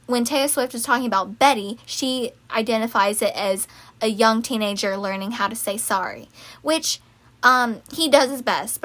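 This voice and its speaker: Young woman breaking down lyrics, kinda high voice, chatty, lists stuff, gets excited on the side. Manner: chatty, listing items with excited asides. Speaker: fan video creator. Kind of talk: casual lyric analysis talk.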